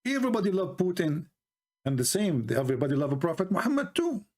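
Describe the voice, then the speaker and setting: Middle Eastern man with an Arabic accent and a slightly high voice, delivering a mocking, deadpan-ironic rant. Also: fast talker. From Middle East. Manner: mocking, ironic, rambling asides. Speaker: online commentator. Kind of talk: sarcastic monologue.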